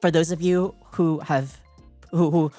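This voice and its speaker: A woman with a low, dusky speaking voice chats on a live stream. She is giggly, excitable and playful, talking close into a desk mic, with faint music underneath. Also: a little slow. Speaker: VTuber streamer. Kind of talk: casual live-stream chat.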